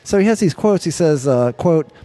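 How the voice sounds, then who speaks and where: A man's voice: fairly high pitch, lively intonation, moderate pace, mellow. A man co-hosting a casual talk show, rambling and profane, often repeating words while he searches for them. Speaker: podcast co-host. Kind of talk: casual chat.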